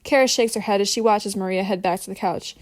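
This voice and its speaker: A woman narrating an audiobook with steady, even reading. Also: mid-range voice, fast talker, no room sound, clean studio sound.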